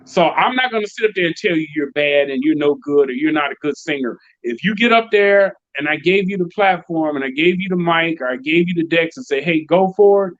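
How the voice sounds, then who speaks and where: A man from Chicago tells stories in a relaxed interview and slips into the voices of the people he quotes. His voice sits a little high, and the sound is dry and somewhat dull, as if recorded on a modest mic. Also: a little fast, hardly any pauses, no room sound. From Chicago, United States. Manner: animated, acts out quoted voices. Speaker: DJ and producer, interview guest. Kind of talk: casual storytelling interview.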